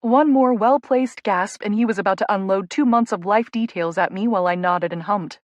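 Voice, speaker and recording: A woman's voice: mid-range voice, normal speed, no room sound, dull audio. A woman narrating a first-person audiobook in an intimate, emotional inner-monologue manner.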